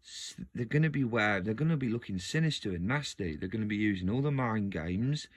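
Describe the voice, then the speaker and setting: A video host with a lowish voice talks a little fast as he muses to viewers. His speech rambles with constant self-interruptions and restarts, and he's lively, laughing a lot.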